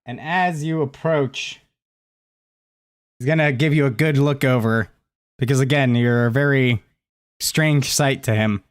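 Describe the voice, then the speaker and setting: A man narrating as game master of a tabletop game, relaxed, with fillers. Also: medium pitch, unhurried, pauses often, clear, resonant tone, no echo, clean studio sound.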